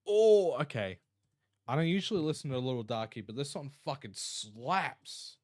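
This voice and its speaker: A man's voice: medium pitch, sing-song, normal speed, darkish tone, dry recording, studio quality. A young man streaming live, chatting loosely to his viewers with casual swearing. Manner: loose, profane, chatty asides to chat.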